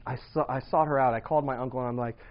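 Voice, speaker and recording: A man's voice: mid-range voice, fairly even intonation, rapid-fire, lo-fi sound. A man in his thirties giving an earnest, conversational personal testimony. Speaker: speaker sharing his testimony.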